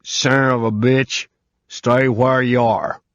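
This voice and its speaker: A man voicing an old southern American man in his sixties who holds a gun, swearing in a slow drawl. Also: medium pitch, steady tone, dry recording, voice pushed up, lightly acted. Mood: shouting angrily. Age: 60s. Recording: dull lo-fi recording.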